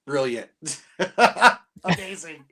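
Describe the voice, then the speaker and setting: A man's voice: on the high side, very animated, drawn-out words, pushed and bright. A man appearing as a guest on a live stream, chatting enthusiastically and laughing often. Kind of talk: casual live-stream chat.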